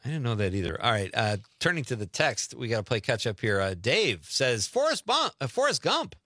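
A man's voice: lowish voice, lively intonation, fairly quick, bright, forceful tone, no room sound, studio quality. A middle-aged man from Wisconsin hosting a call-in radio show, chatting casually and laughing often as he reads out listener messages.

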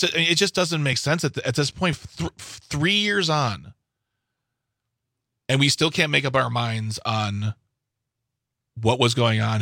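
A man's voice: medium pitch, fairly bright tone, no room sound, clean studio sound. Exasperated sarcastic male co-host. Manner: exasperated, sarcastic, halting restarts. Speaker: radio co-host. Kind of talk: casual political talk.

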